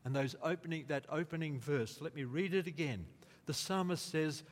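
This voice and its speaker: A man preaching a sermon in a slow, deliberate way, rising to emphatic quotes. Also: a little high. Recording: long reverb of a large hall.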